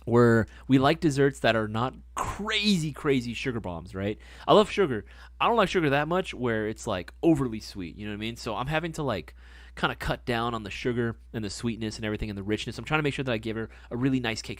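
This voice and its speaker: A man hosting a livestream, chatting casually and rambling through stories with lots of swearing and excited gushing. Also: mid-range voice, no echo. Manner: profane, rambling storyteller; excitable, gushing about hobbies. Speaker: livestream host.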